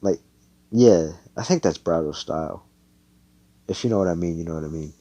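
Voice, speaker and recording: A man's voice: sits low, moderate pace, warm tone. A man casually retelling a fan story, rambling and cussing with lots of filler words.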